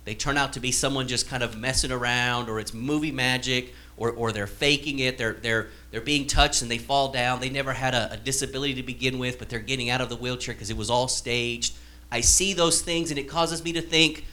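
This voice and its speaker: Bright-voiced male pastor preaching. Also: medium pitch, moderate pace. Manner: conversational, acts out quoted dialogue with sarcasm. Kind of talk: sermon.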